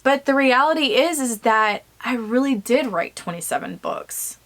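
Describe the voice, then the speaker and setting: A woman's voice: high-pitched, animated, normal speed, hardly any pauses, a bit bright. A woman author talking frankly to camera alone in her home office, rambling a little and using many fillers. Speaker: self-published author. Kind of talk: candid vlog talk to camera.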